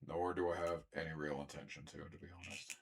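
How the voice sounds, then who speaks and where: A young man chatting casually as he unboxes and reviews action figures, rambling and often clearing his throat. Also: very deep voice, flat delivery, quick pace, a little hiss or hum. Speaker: toy reviewer.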